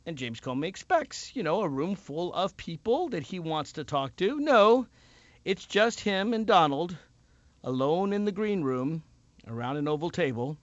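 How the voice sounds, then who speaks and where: A man's voice: high-pitched, a bit bright, no echo, highs cut off. A man delivering a sarcastic, mocking political monologue full of rhetorical questions. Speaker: political commentator.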